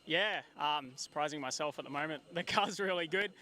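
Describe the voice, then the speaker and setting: A racing driver answers a trackside interview in a relaxed, modest way, talking through his car setup. His voice is bright and forceful and sits a little high. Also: fairly quick.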